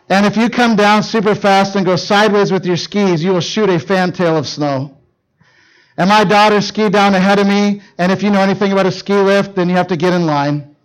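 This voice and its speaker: High-voiced storytelling male preacher. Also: clear, resonant tone, rough recording. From northern Minnesota. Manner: animated, shifts from hushed to loud shouting in stories. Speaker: youth speaker. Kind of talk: storytelling sermon.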